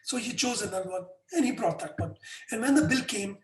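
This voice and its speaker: Middle-aged man, animated storyteller, roomy echo, far from the mic. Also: high-pitched, brisk. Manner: animated anecdotes with frequent restarts. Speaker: guest. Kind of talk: conversational storytelling. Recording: echoey room, distant mic.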